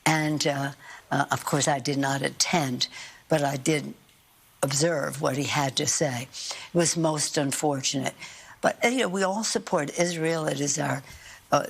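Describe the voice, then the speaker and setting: An older woman giving measured, halting interview answers, with frequent fillers and restarts. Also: low voice, gravelly, slightly rough. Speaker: guest politician.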